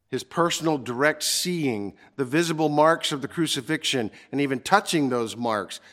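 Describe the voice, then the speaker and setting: A man preaching a sermon, earnest and emphatic, slowing down to stress key words. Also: mid-range voice, fairly bright tone. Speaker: pastor.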